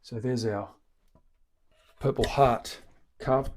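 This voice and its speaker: Taking his time in a mid-range voice, the Australian guitar maker chats casually through a live-stream demo in his workshop. There's slight background noise, and his manner stays relaxed as he explains while working.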